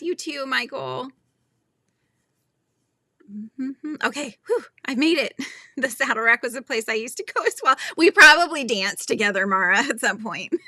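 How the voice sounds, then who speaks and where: A chatty woman with a Californian accent hosts a relaxed livestream, reading comments and laughing as she goes. Her voice is bright and a little gravelly, and she often trails off mid-sentence. The sound is dry and close. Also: high voice, no echo. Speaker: crochet livestream host. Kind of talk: casual chat reading viewer comments.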